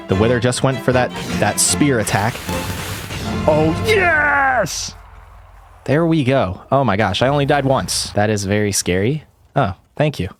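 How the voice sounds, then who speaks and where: A young man giving excitable let's play commentary, yelping and exclaiming during a boss fight. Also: mid-range voice. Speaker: gaming YouTuber.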